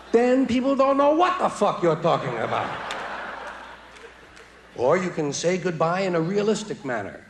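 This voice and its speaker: A man in his forties performing stand-up comedy in a large theater, with a wry, sardonic delivery and quick mock voices. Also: fairly high pitch, expressive. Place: large theater stage before a live audience. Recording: live theater recording with audience noise.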